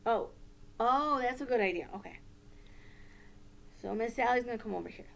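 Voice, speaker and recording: A woman teacher running a puppet lesson for young children, gentle and coaching. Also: fairly high pitch, moderate pace, gravelly.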